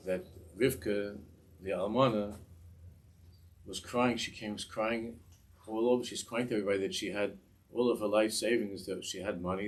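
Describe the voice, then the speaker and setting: Male rabbi storyteller, deep voice, lively sermon tale. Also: a little hiss or hum. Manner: animated, repetitive storytelling with restarts.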